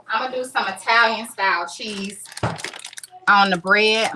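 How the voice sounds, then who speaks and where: A woman's voice: medium pitch, unhurried, background noise. A woman in her thirties hosting a casual live cooking stream from her home kitchen, chatting straight to her viewers. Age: 30s. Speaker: home cooking show host.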